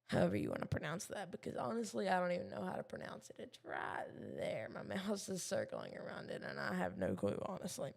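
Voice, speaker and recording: A woman's voice: fairly low pitch, huge pitch swings, a little fast, gravelly, hardly any pauses. A young woman with a Southern Kentucky accent giving casual live weather radar commentary, chatty and self-deprecating, with many ums. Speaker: livestream weather streamer.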